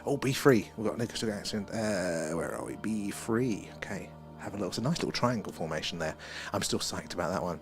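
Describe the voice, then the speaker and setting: A man hosting a night-time live stream outdoors, rambling excitedly and chatting with viewers. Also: fairly low pitch, fairly quick, soft background music. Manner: excitable, rambling, talks to chat viewers by name. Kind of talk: live-stream chat and sky-watch commentary.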